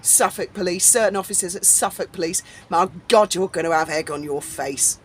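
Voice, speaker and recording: Speaking at a moderate pace in a fairly low voice with a breathy edge, a female YouTuber rants angrily on her vlog. She's sarcastic and indignant, mocking people and swearing freely.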